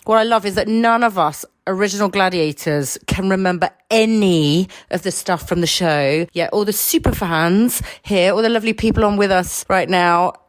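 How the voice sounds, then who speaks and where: A woman's voice: medium pitch, normal speed, few pauses, no room sound. A woman on a video call chatting cheerfully and poking fun at herself. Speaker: former TV gladiator guest. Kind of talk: casual video call chat.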